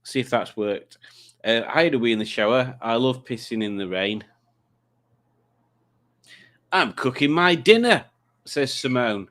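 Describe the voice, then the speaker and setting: A man's voice: mid-range voice, moderate pace, a bit bright. A man hosting a live quiz stream, chatting casually and teasing, with many stumbling restarts. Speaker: livestream host. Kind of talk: casual chat reading comments.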